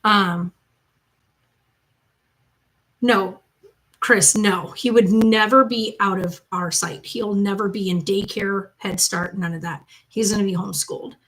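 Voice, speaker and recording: Woman, channel host, chatty and rambling, answering viewers, home loft, mid-pitched voice. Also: fairly even intonation, a little slow, a bit bright, poor audio. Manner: chatty, rambling, loose storytelling. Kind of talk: casual chat answering viewer comments. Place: upstairs loft of her home.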